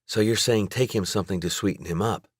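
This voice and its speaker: A man voicing an earnest, emotional young woman, raising his pitch for her. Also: quick pace, husky, dry recording, studio quality. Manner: high, trembling when emotional.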